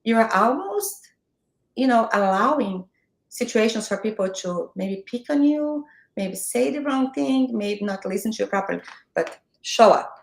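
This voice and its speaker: A woman's voice: a little high, lively intonation, moderate pace, vocal fry, roomy sound. A woman from Brazil with a Brazilian Portuguese accent, whose first language is Portuguese, giving direct, encouraging advice as an interview guest on a video call. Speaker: guest, marketing mentor. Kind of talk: motivational interview talk. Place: home, morning video call.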